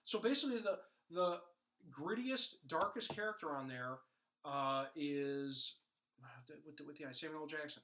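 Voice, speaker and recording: A man's voice: on the high side, normal speed, bright, forceful tone, low-quality recording. A man co-hosting a casual podcast chat, rambling along with jokes, fillers and restarts. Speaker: podcast co-host.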